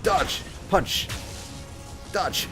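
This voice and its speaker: A man doing livestream commentary over a video game, joking, giggling often and shouting out during fights. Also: extremely slow, over music. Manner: giggly, jokey, loud exclamations in fights. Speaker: game streamer.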